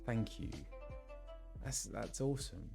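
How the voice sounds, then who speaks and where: A man's voice: on the low side, animated, slow pace, vocal fry, warm tone, soft background music. A man who voices game characters, chatting casually with his live-stream viewers and reading out where they are from. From England.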